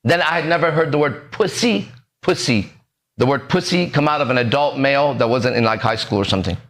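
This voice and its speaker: A man in his forties hosting a podcast, telling a story in a lively way that acts out the voices and keeps checking in with the listener. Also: medium pitch, a little fast. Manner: animated, acts out quoted lines, keeps checking in with "right?". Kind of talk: casual storytelling.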